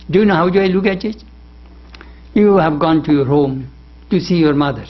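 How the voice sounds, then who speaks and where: A man's voice: on the high side, moderate pace, pauses often, lo-fi sound. A monk giving a devotional lecture, telling stories and rising animatedly when he quotes. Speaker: monk lecturing on spiritual life.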